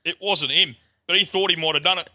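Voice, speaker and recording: A young Australian man, a guest comedian, telling a loud, animated story full of swearing and acted-out voices. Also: a little high, fairly quick.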